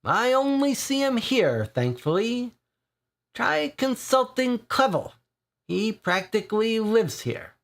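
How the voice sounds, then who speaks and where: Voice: medium pitch, level tone, a little slow, vocal fry, few pauses, a bit bright, pitched above the performer's own voice. A board game player voicing a grinning, pockmarked Irish man who gossips in a dockside pub. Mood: gossipy, teasing. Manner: chatty, conspiratorial gossip.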